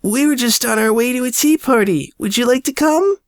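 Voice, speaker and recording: A man voicing a cheerful little girl unicorn filly in a squeaky, chirpy voice. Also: fairly quick, no echo, studio quality.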